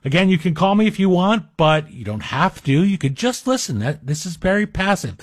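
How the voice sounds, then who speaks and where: A man's voice: high-pitched, very animated, fairly quick, dry recording, studio quality. A man guest hosting a talk radio show, chatting in a wry, self-deprecating way. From Greek heritage. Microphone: studio microphone.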